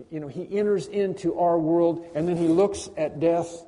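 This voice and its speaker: A male pastor preaches in a large church sanctuary, his voice fairly high for a man yet mellow in tone. Long reverb trails behind each phrase. He leans on repetition and moves between loud emphasis and near-whispered lines. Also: moderate pace, few pauses. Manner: emphatic, repeats key phrases, swings from loud to hushed. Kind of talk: sermon.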